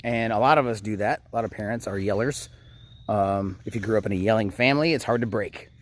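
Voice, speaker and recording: A man's voice: lowish voice, fast talker. A man in his thirties giving casual parenting advice to camera, frank and conversational, with frequent hesitations. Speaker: parenting coach.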